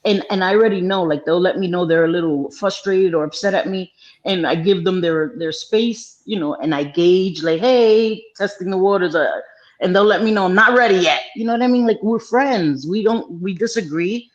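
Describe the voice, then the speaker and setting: Panel guest, mid pitch, emphatic and talky, muffled lo-fi audio. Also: moderate pace. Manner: emphatic, keeps saying "you know what I mean". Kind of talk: casual chat.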